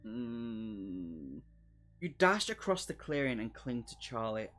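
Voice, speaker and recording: A man's voice: medium pitch, sing-song, slow, a bit bright. A man streaming a live playthrough, reading a horror gamebook aloud and chatting jokily with his viewers between passages. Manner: chatty, jokey, talks to chat between passages. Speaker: streamer host.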